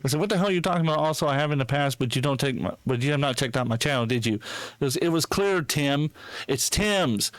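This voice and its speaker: A man's voice: on the high side, animated, quick pace, no echo. A man hosting a podcast, ranting with heavy profanity, mocking and indignant, reading posts aloud and laughing. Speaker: podcast host. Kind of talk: casual podcast rant.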